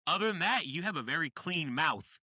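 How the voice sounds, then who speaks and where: Rambly dude calling everyone bro, super bright tone, dry close sound. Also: male voice, on the high side, expressive, fairly quick, no room sound. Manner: rambling, slangy, says "bro" a lot. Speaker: podcast co-host. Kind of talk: casual chat, retelling a movie plot.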